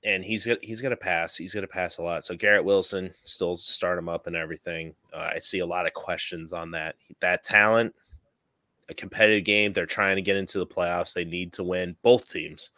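A low-pitched man with a bright, forward edge to his voice talks through picks in a relaxed, chatty way and laughs easily at himself. He sounds very close to the mic in a dry, dead room. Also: a little fast, dry recording. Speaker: podcast host. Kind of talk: casual fantasy football chat.

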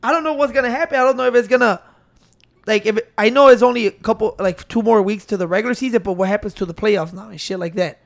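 A man hosting a podcast into a microphone, telling stories in excitable, profane casual chat. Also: sits high, fast, gravelly. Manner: excitable, swearing, storytelling with restarts. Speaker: podcast host.

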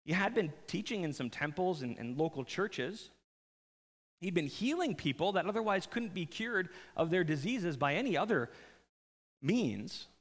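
A man preaching a sermon in an animated, conversational storytelling style with jokes. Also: sits high, moderate pace, in a large hall. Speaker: pastor.

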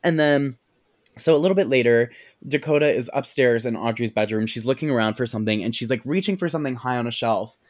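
Male podcast host, mid-range voice, chatty recap, salty and lively. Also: medium pitch, fast talker. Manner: animated, profane storytelling with many "like"s. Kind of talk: casual movie recap.

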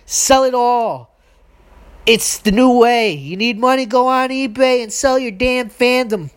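A woman hosting her own podcast, delivering a heated, exasperated solo rant with profanity and sudden high outbursts. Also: unhurried, clean tone. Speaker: podcast host. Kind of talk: solo ranting monologue.

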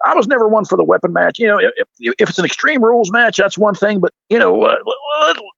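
Man, high and gravelly, crude mock-outraged co-host; dry, dull lo-fi sound. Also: lively intonation, fast talker, fairly bright tone, no echo. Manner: gruff, crass, mock-outraged. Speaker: wrestling league commentator. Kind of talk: crude joking podcast banter.

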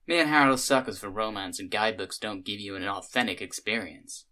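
A gushing, folksy tourist lady with a broad Southern US drawl, as a male narrator puts her on, talking a bit higher than his own low voice. She chatters on sweetly in a storybook reading, with a bright, forceful edge to the tone. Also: animated, fairly quick. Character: chatty grey-haired American woman tourist.

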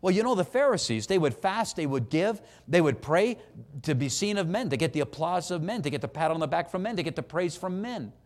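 A middle-aged man preaching a sermon, animated, acting out voices and having the congregation repeat phrases after him. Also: a little high, fairly quick.

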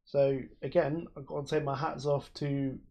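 Male podcast co-host, mid-pitched, rambling friendly explainer. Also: little pitch movement, moderate pace, vocal fry, mellow, dull audio. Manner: chatty, explains at length with many fillers. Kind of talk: casual chat.

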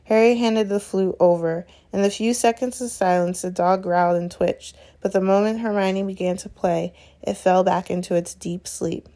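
A woman reads a novel aloud in steady, unhurried narration, now and then correcting a slipped word. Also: mid-range voice. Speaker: reader.

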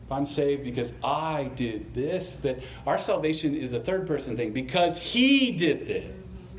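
A man's voice: fairly high pitch, lively intonation, unhurried. A male pastor preaching a sermon, conversational and then passionately exhorting the congregation, ending in prayer.

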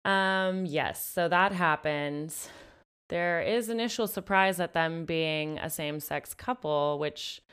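A woman's voice: sits low, slow, a bit bright, clear, resonant tone. A woman co-hosting a podcast, chatting animatedly about a book and its film, full of "like" fillers. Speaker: podcast co-host. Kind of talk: casual book-and-film discussion.

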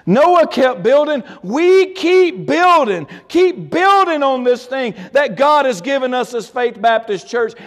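A man preaches from the pulpit in a strikingly high voice. He drops low, then swells on slow, stressed words. The sanctuary rings with a long reverb. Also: expressive. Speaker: pastor. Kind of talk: sermon. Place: church sanctuary.

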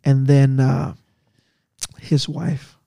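A man, a missionary pastor, excitedly telling a personal story in quick bursts. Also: mid-range voice, gravelly, dry recording.

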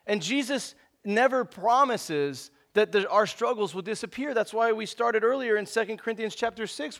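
High-voiced, laid-back man preaching. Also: a little fast, fairly bright tone. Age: 30s. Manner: laid-back, conversational, says "man" a lot. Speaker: pastor. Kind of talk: casual sermon.

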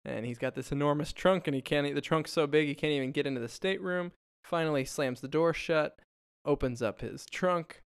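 A man's voice: on the high side, brisk, few pauses, smooth, dry recording, clean studio sound. A young adult man co-hosting a podcast, casually retelling a comedy film with laughs and quoted lines. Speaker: podcast co-host. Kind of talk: casual chat.

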